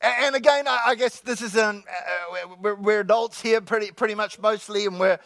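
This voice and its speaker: A man preaching a sermon to his congregation, joking with the crowd and slowly repeating his key lines. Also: sits high, gravelly, a bit bright, dry recording. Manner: jokey, repeats key lines slowly, calls out "come on, somebody". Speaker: pastor. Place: church sanctuary with congregation.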